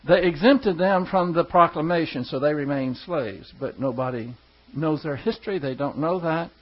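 A man's voice: on the high side, moderate pace. A man, a pastor telling stories to his congregation in a rambling, folksy way with chuckling asides. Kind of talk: casual storytelling to a congregation. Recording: dull lo-fi recording.

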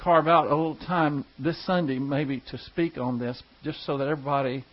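Husky pastor, rambling and folksy. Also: male voice, on the high side, steady tone, normal speed. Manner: rambling, chuckling, folksy asides. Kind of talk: casual storytelling to a congregation. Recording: dull lo-fi recording.

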